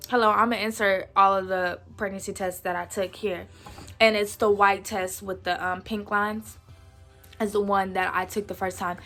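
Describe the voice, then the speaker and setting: A woman's voice: mid-range voice, fairly bright tone. A woman in her twenties telling a personal story in a casual, slangy way, acting out what people said. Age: 20s. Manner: chatty, slangy, acts out quotes. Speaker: vlogger.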